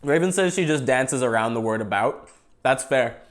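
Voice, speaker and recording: A man's voice: medium pitch, expressive, normal speed. A young Canadian man hosting a casual podcast livestream, rambling and joking while he eats. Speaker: podcast host.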